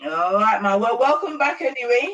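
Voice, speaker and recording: A man's voice: extremely high pitch, expressive, moderate pace, a bit bright, muffled recording. A man chatting casually on a game stream, laid-back and slangy, laughing often.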